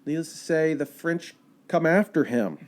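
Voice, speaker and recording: A man's voice: fairly high pitch, normal speed. Chatty man telling history stories. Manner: animated, chatty storyteller with fillers and quoted asides. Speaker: park ranger guest. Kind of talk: casual storytelling of history.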